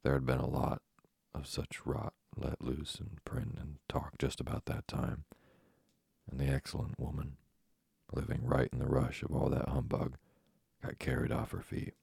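A man narrating an audiobook in a measured, wry first-person reading. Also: a bass voice, completely flat delivery, creaky, darkish tone, slightly rough, dry recording.

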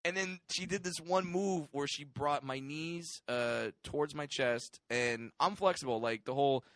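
A man's voice: on the high side, moderate pace, a bit bright, no room sound. A man co-hosting a casual comedy podcast, rambling and laughing as he tells stories. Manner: rambling, laughing, heavy use of fillers like "like". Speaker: podcast co-host.

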